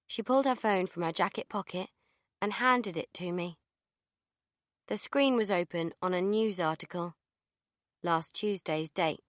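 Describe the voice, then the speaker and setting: A woman narrating a first-person audiobook in a wry, deadpan way. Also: fairly low pitch, measured pace, pauses often, dry recording, studio quality.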